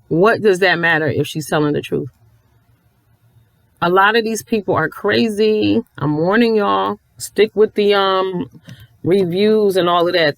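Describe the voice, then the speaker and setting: A woman's voice: medium pitch, no echo. Blunt, profane woman ranting to viewers. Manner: blunt, profane, sassy, addresses viewers directly. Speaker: YouTube commentator.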